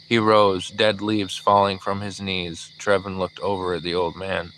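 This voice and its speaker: Deep-voiced male audiobook narrator. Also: flat delivery, a little slow, few pauses, fairly bright tone, slight background noise, rough recording. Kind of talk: scripted narration.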